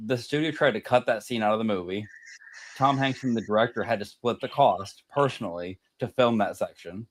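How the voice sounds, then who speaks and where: A man's voice: lowish voice, brisk, a little hiss or hum. A man, co-hosting a casual podcast chat, telling a story and laughing at his own jokes. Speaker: podcast co-host.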